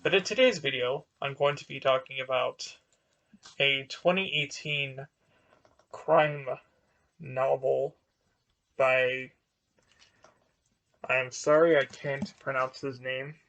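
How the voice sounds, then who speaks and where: A man's voice: medium pitch, fairly even intonation, slow, vocal fry, long pauses, fairly bright tone, muffled recording. A man giving a casual book review to camera, hesitant and full of fillers and restarts.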